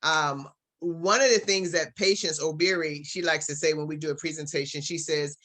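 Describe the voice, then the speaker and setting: A woman's voice: deep voice, fairly even intonation, normal speed, a bit bright. A woman business coach giving a casual online presentation, upbeat and encouraging, talking to her audience like family.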